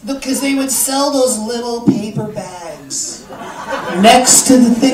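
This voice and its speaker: Animated man in an echoey club. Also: high-pitched, normal speed, a crowd in the background. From Canada. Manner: animated, joking, swearing, acts out quotes. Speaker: guest author. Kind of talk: live interview before an audience. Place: live event in a bar venue. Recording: echoey room, far from the mic, audience noise.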